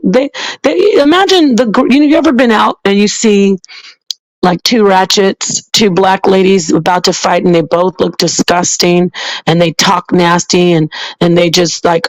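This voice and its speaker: A woman's voice: fairly low pitch, dry recording, rough recording. A woman vlogger giving a blunt, heated and emphatic ranting monologue to her channel.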